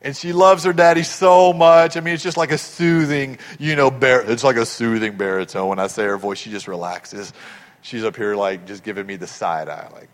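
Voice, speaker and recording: A middle-aged male pastor preaching a sermon, swinging from hushed, tender asides to loud, rising build-ups. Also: mid-range voice, steady tone, normal speed, big-room sound.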